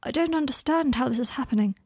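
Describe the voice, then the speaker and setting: A woman voicing a guarded, emotional young male wizard in a quiet, shaky, self-conscious way. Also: sits high, fast, a little hiss or hum, pitched above the performer's own voice. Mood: anxious.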